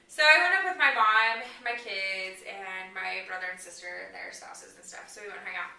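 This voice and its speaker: Bright-voiced chatty woman, echoey room. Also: medium pitch, moderate pace, vocal fry. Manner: chatty, many "like"s, laughs while talking. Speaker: guest telling a story. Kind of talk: casual chat. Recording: echoey room, far from the mic.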